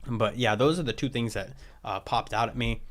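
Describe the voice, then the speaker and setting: A man giving casual live-stream feedback on listeners' tracks as a music producer, relaxed and loose, often saying "like" and laughing at himself. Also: mid-range voice, normal speed.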